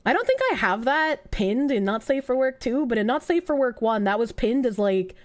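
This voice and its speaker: High, lively woman streamer. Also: normal speed. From United States. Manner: sarcastic, incredulous and profane, with frequent laughs. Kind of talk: casual livestream reaction.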